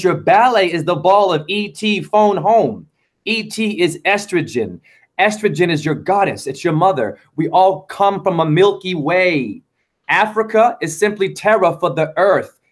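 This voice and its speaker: A man's voice: sits high, animated, moderate pace. A man talking as a show guest in a rambling, fervent monologue full of wordplay. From United States. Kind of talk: casual chat.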